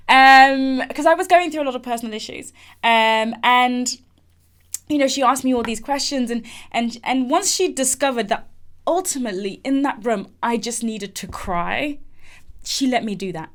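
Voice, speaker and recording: A woman in her thirties, a podcast host from England, telling a candid personal story in an animated way. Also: a little high, normal speed. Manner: candid, animated, with self-aware laughs.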